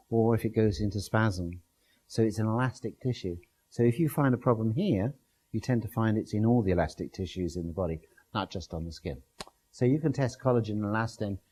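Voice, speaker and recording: A man's voice: low voice, mellow, poor audio. A man giving a classroom lecture with slides, explaining step by step with everyday comparisons.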